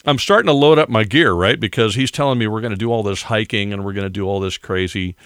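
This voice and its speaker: Older man, low rambling podcast voice. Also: quick pace, fairly bright tone, smooth, dry recording, clean studio sound. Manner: rambling, chuckling asides. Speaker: podcast host. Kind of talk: casual monologue.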